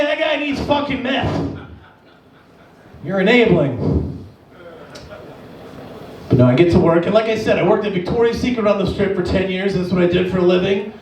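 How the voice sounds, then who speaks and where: A man works a comedy club stage with a high, bright voice, swearing freely and animated as he acts out his stories. He is picked up from a distance, and the room around him is echoey. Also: moderate pace, long pauses. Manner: profane, animated, jumps into high-pitched impressions. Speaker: stand-up comedian. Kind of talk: stand-up set.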